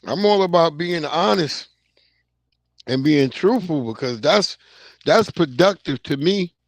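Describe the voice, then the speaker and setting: Brief: male stream host, 30s-40s, relaxed slangy chatter, slightly high-pitched, dry close sound. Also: measured pace, dry recording. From New York (Long Island). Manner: loose, slangy, reacting to chat comments. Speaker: livestream host. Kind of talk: casual livestream chat.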